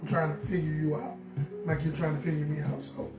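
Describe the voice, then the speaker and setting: A man's voice: fairly high pitch, level tone, fairly quick, far from the mic. A man co-hosting a live relationship talk stream, giving earnest advice and repeating his points. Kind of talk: casual live-stream chat. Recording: roomy sound with guitar music behind.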